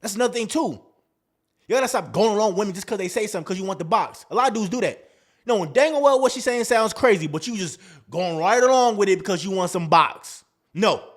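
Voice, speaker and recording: A man's voice: high voice, animated, fast. A man hosting a dating advice talk, in a casual, slangy monologue that acts out quoted lines.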